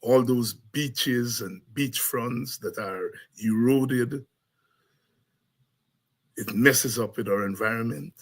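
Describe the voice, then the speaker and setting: A man hosting a talk show who breaks into excited shouts and scatting between serious comments. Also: mid-range voice, slow pace, long pauses, slightly rough. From Caribbean. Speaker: host and lecturer.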